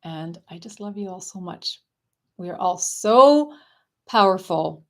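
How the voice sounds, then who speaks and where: A woman coaching viewers on a casual live stream, talking in a soft, dreamy and effusive way. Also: fairly low pitch, animated, measured pace. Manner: gushing, affectionate and effusive; soft, dreamy spiritual phrasing.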